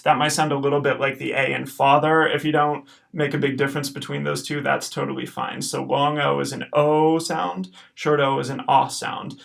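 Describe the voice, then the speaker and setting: A man teaches a recorded lesson, his voice carrying a gravelly rasp. He explains patiently and drags out each practice word slowly, cheering students on between drills. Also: mid-range voice, fairly bright tone. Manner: patient, encouraging, slows to repeat words. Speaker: Latin teacher.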